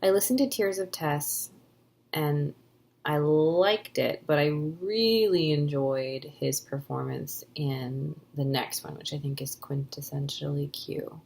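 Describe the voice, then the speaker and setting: A woman author in her thirties from the Pacific Northwest answers questions in a casual Q&A, chatty and enthusiastic. Her voice is deep, slow, and a little mellow, with many ums and breathy words that trail off.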